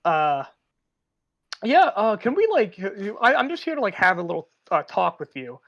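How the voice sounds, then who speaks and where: A man's voice: high-pitched, wildly swooping pitch, gravelly, fairly bright tone, muffled recording, heavily acted. A man putting on a big, hesitant male police officer who stammers. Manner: halting, stammering.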